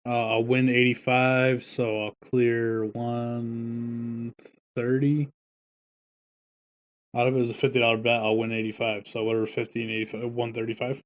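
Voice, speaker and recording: A man's voice: medium pitch, flat delivery, normal speed. A man co-hosting a podcast, chatting in a laid-back, offhand way. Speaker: podcast co-host. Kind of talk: casual chat.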